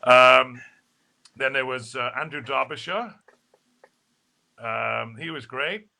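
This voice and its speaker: Chatty man with a bright voice. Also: mid-range voice, takes it slowly, vocal fry. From Wales. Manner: chatty and rambling, many fillers and restarts. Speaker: interview guest, stage actor. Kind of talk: casual live video interview.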